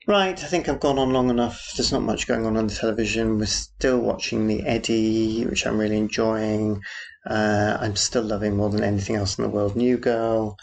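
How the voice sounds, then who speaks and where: A middle-aged man chats on his solo podcast, wandering from one thing to the next with self-deprecating asides. His voice sits low. It has a gravelly, creaky edge. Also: fairly even intonation, measured pace. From Yorkshire, England. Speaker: podcast host. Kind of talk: casual solo podcast chat.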